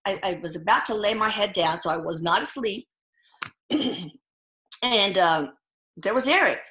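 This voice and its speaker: A middle-aged woman with a bright, forceful voice tells her stories in a casual interview. She stops and restarts often and leans on fillers. The sound is roomy and echoey. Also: medium pitch, lively intonation. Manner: halting, full of fillers and restarts. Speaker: guest. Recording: echoey room.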